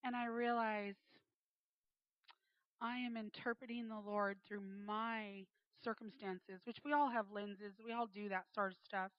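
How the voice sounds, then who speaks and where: A woman's voice: medium pitch, steady tone, measured pace, dry recording. A woman in her forties sharing a personal faith testimony, earnest and acting out the voices she quotes. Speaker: speaker giving a faith testimony. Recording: dull, slightly muffled dry sound.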